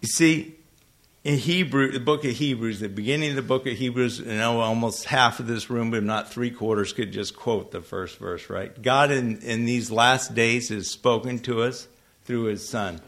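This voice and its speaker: A man preaching to a congregation, talking to them conversationally and asking them questions, with sudden loud emphasis and frequent self-corrections. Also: medium pitch, moderate pace. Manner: restarts and self-corrections when tongue-tied. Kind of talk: sermon. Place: church hall with a congregation.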